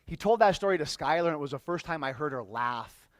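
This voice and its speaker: Male workshop speaker with a slightly high voice, telling a personal story to a room in a halting, emotional way. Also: animated, dry recording. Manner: emotional, halting, repeats words. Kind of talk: personal storytelling to a live audience.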